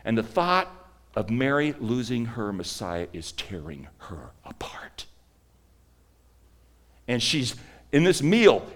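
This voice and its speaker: A man preaching a sermon, retelling a story with dramatic swings between loud emphasis and hushed near-whispers. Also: medium pitch. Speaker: pastor.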